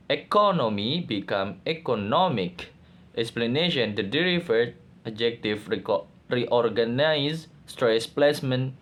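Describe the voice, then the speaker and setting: A man reading out lecture slides for a class project in a slow, careful way, sometimes halting and restarting words. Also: medium pitch. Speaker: student presenter.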